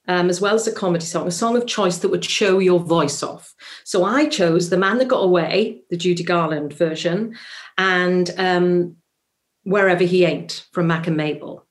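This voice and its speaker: A woman's voice: fairly low pitch, measured pace. A Welsh woman, a musical theatre actress, telling a story in a chatty interview full of ums. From Wales. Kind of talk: casual interview anecdote.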